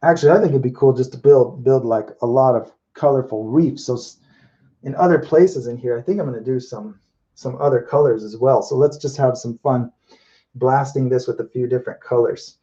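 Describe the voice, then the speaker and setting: A man's voice: medium pitch, a little fast, mellow, muffled recording. A man chatting casually as he paints live, thinking aloud and correcting himself as he goes. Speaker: mural painter.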